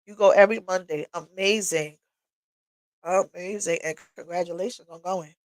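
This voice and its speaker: A woman's voice: on the low side, steady tone, moderate pace, no room sound, low-quality recording. A woman hosting a livestream, telling her own story in a candid, emotional way, tearful and sniffling as she talks. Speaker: livestream host. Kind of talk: personal testimony talk. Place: home workshop.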